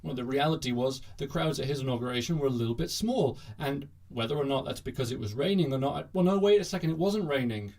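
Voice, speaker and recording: Male host, satirical news monologue, sarcastic and jokey, mid-pitched. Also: fast, gravelly, few pauses, a little mellow. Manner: sarcastic, jokey, bursts into mock cheering.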